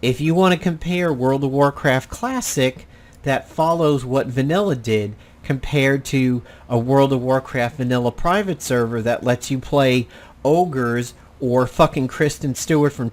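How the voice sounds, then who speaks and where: A man hosting casual gameplay commentary, rambling and blunt, with the odd swear. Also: mid-range voice. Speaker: gaming channel host.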